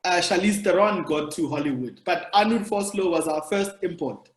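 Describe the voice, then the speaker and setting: A high-pitched man with a South African accent hosts a laid-back podcast chat, chatty and teasing. his voice rings out in a roomy, echoey space. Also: expressive, moderate pace. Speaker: podcast host. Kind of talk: casual interview chat. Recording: echoey room.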